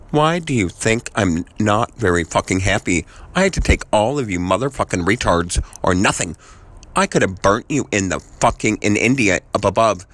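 This voice message is a profane, rambling rant from an angry man who curses nonstop. He bounces between ideas, and mid-rant his voice keeps spiking higher and louder.

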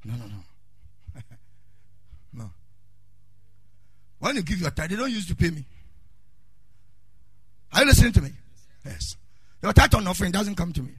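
A middle-aged Ghanaian pastor delivers a sermon, calling out to his congregation, shouting in a sing-song style, and sharing stories from his own life. His voice is high, husky, and very animated, moving a little fast with frequent pauses.

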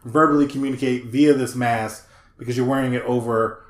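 A man's voice: mid-range voice, brisk, reverberant. A man co-hosting a casual podcast chat, telling stories with lots of swearing and laughter. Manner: animated, profane, laughing storyteller. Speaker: podcast co-host.

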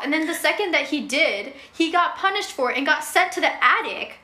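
Young woman, podcast co-host, casual animated chat, high bright voice, echoey room. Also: fairly quick, hardly any pauses. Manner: animated, chatty, laughs often.

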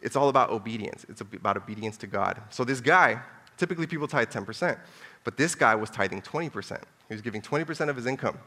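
A man preaches a sermon in a loose, chatty style, full of asides and repeated phrases. His voice is bright and forceful. It carries a long reverb from a church hall. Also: mid-range voice, lively intonation, fast. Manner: conversational, joking asides, repeats for emphasis.

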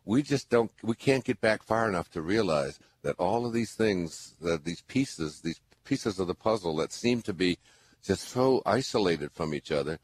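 A husky older man hosts a call-in show. His low voice leaps around with lively rises and dips. He rambles earnestly and restarts his thoughts often as he gives spiritual advice. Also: normal speed. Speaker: radio show host.

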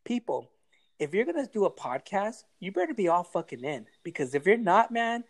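A man's voice: high-pitched, big pitch swings, normal speed. Blunt, profane man giving advice. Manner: blunt, profane, emphatic pep talk. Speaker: podcast guest giving advice. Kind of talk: casual podcast chat.

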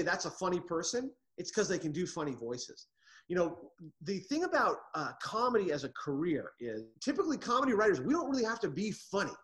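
Animated middle-aged man telling comedy stories. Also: high-pitched. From United States. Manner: animated storyteller, restarts often. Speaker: guest, comedy writer. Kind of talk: casual interview.

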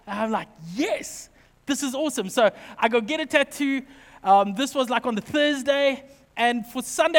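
A very high-pitched man preaches in a big hall with a long, ringing reverb. He tells stories from his own family, acting out the voices with lively asides and jokes. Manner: animated, acts out family quotes, jokey asides. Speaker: pastor. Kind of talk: sermon with personal storytelling.

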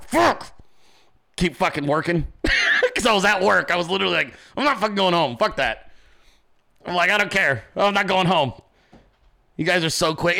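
A man's voice: a little high, vocal fry, bright, forceful tone. A man hosting a political commentary show, talking in a brash, swaggering, profane monologue. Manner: brash, swaggering, heavy swearing.

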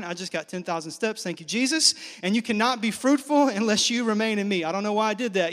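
A man in his thirties from Nigeria, a pastor preaching a lively, joking sermon to a live congregation. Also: high voice, quick pace, hardly any pauses. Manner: lively, joking, engages the crowd. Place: large hall with live congregation. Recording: reverberant church hall.

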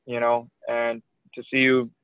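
A man's voice: mid-range voice, measured pace, smooth, dry recording. Young man telling a story over a tinny line. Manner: animated anecdote telling with many likes and you knows. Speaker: guest, pro baseball pitcher. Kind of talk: casual storytelling.

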